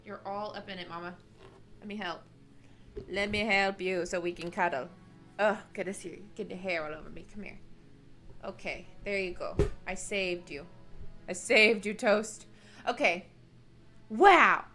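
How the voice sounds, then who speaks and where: A woman's voice: mid-range voice, a little slow, pauses often, bright, forceful tone, soft background music. A young woman streaming a game from home at a desk mic, gushing and emotional, baby-talking to her pets. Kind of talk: gaming livestream chat. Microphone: desk microphone.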